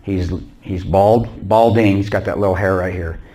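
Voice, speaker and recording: Low-voiced man telling a war story. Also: moderate pace. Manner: animated, acts out quoted dialogue, laughs often. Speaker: guest speaker. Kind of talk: storytelling talk to an audience. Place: church.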